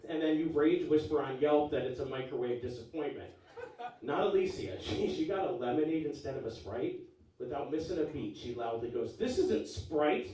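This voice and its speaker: A man's voice: medium pitch, fairly quick, warm tone. A man in his forties doing a live stand-up set, punchy, wry and profane. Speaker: stand-up comedian. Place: live comedy club stage. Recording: echoey room from far off. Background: audience laughing.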